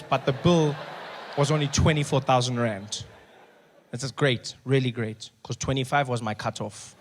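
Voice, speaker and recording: A man with a South African accent doing stand-up comedy on stage before a live audience, telling stories in an animated, playful way. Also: medium pitch, background noise.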